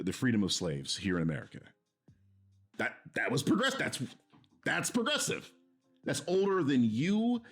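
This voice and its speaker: Exasperated swearing man, lively pitch. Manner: profane, exasperated, mocking laughs. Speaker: streamer reacting to a video. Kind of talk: heated casual commentary.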